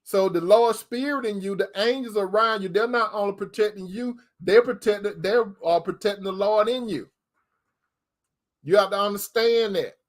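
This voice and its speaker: Male preacher with a high voice, folksy and direct, chatty streaming sermon. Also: normal speed. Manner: folksy, repeats phrases for emphasis, addresses listeners directly. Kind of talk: informal preaching to an online audience.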